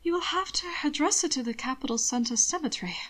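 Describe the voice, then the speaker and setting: A woman's voice: high-pitched, expressive, quick pace, a bit bright, voice pushed up. A woman voicing a drowsy, playful young male lover in a light, teasing tone for a read-aloud story.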